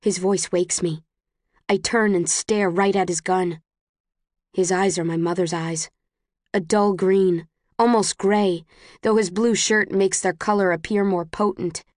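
A woman's voice: on the low side, steady tone, a little slow, darkish tone, dry recording. Woman narrating in a dry close voice. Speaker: audiobook narrator. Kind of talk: first-person audiobook narration.

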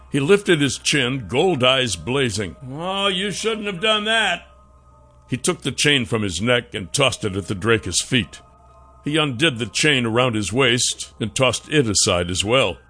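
A man narrating a fantasy audiobook in a measured, expressive storytelling manner. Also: mid-range voice, slightly rough, faint music behind.

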